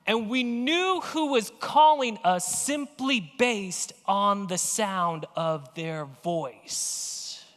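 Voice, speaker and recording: High-voiced man preaching in an echoing hall. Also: a bit bright. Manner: conversational storytelling, playfully acting out phone calls. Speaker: pastor. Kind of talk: sermon. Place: church sanctuary.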